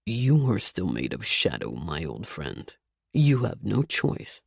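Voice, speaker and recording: A woman voicing a ruthless male villain king in an audiobook, low, slow and commanding. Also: wildly swooping pitch, creaky, a little mellow, husky, no echo, studio quality, exaggerated voice. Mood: cold. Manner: cold, commanding. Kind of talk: audiobook character voice.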